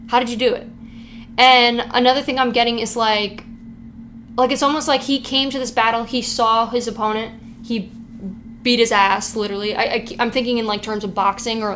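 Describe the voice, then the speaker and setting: A fairly high-voiced woman doing a laid-back tarot reading for her viewers. She talks in an excited, hype-you-up rush, cursing freely and leaning on "like" constantly. A faint hiss of room noise sits under her voice. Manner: hyped, profane, heavy use of "like". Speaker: tarot reader. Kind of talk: casual pick-a-card tarot reading.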